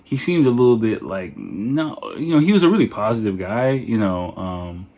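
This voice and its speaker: A man's voice: lowish voice, very animated, moderate pace, warm tone. A man hosting a podcast, telling a rambling story in a casual, profane, laid-back way. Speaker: podcast host.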